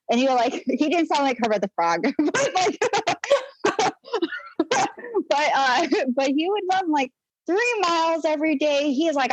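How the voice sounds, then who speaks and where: Speaking high and expressively at a normal speed, a young woman recounts her time in the Navy as a podcast guest. She's blunt and profane, rambling, restarting and trailing off into fillers. The recording is dry and rough.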